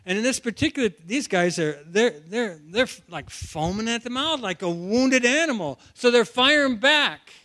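A man's voice: very high-pitched, animated, moderate pace, hardly any pauses, pushed and bright. A man preaching an expository sermon, talking animatedly and often repeating words as he restarts a phrase. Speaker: preacher teaching from the Bible.

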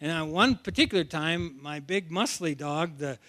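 The preacher's voice is a little high with a sharp tone, moving at normal speed. Teaching from the Bible in an expository sermon, he talks animatedly and restarts phrases, repeating words often.

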